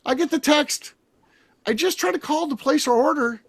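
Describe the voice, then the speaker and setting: Brief: middle-aged male host, high-pitched, profane exasperated rant. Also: normal speed, fairly bright tone. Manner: ranting, heavy swearing, exasperated. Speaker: podcast host. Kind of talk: casual profane chat.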